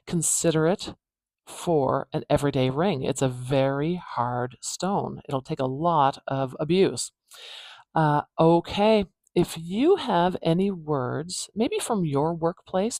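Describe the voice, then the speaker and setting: Woman teaching phonetics, slow and unhurried, with a dry close-up sound and patient, demonstrative repetition. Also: low voice, expressive, a little mellow, dry recording. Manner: patient, repeats words slowly to demonstrate sounds. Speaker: pronunciation teacher. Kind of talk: phonetics tutorial, transcribing words aloud.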